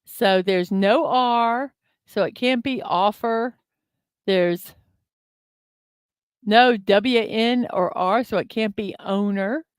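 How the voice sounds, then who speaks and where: A woman's voice: medium pitch, slow, pauses often, clear, resonant tone, no room sound, studio quality. A woman hosting a casual morning livestream, thinking aloud over a word puzzle, with many ums and uhs, and reading viewer comments aloud. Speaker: host of a daily morning livestream. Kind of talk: casual chat while playing a word puzzle. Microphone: desk microphone.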